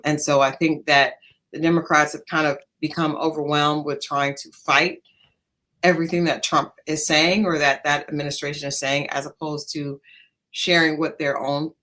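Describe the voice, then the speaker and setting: A woman co-hosting a podcast, talking through politics in casual chat with many pauses and restarts. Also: sits low, little pitch movement, sharp tone. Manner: thoughtful, many fillers and restarts. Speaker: podcast co-host.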